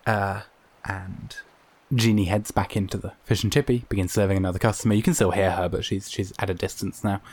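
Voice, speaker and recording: A man's voice: on the low side, steady tone, fast talker, hardly any pauses, darkish tone, breathy edge. A man narrating as game master, hesitant and full of fillers. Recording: noisy background.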